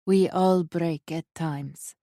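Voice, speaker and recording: A woman voicing a soft-spoken defiant young woman. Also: on the low side, fairly even intonation, slow pace, no echo, clean studio sound. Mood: gentle. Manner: soft and reassuring, then frightened and forceful.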